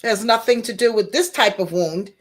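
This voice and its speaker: A woman's voice: mid-range voice, a little fast. A woman hosting a podcast interview, responding in an affirming way. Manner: affirming, frequent short responses. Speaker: podcast host. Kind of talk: casual interview.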